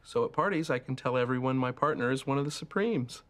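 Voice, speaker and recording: An actor playing a flamboyant, emotional, big-hearted gay dad in a sitcom, with dramatic delivery. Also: male voice, medium pitch, fast talker, close to an everyday voice. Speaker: sitcom character. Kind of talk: sitcom acting.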